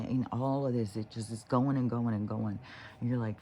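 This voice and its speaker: Gravelly, dark-toned man for a spiritual vlog, rambling and profane, full of fillers. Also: mid-range voice, steady tone, fairly quick, slight background noise. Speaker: spiritual vlogger. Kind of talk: casual rambling monologue.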